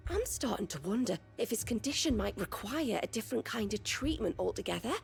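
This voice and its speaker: Gravelly earnest village healer. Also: female voice, medium pitch, lively intonation, fairly quick, soft background music. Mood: concerned. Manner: earnest, explanatory. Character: worried village healer woman, earnest and caring. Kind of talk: video game dialogue.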